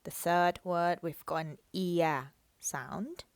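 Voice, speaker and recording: A woman teaching a language lesson, slowly modelling syllables aloud and explaining each one clearly. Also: on the low side, no echo.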